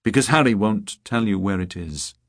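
A man reading the lines of a composed young woman who speaks calmly and steadily, in an audiobook. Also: fairly low pitch, normal speed, gravelly, dry recording, studio quality.

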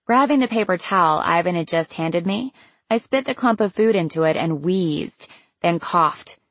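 A woman's voice: on the low side, no echo. A young woman narrating a novel in the first person, wry and casual, swearing now and then. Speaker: audiobook narrator.

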